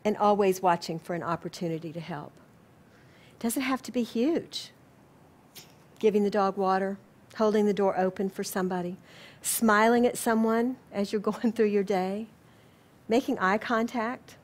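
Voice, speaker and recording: A woman with a Southern US accent speaks to a live audience in a lecture room. Her talk on spiritual living is gentle and unhurried, and she is quick to poke fun at herself. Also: mid-range voice.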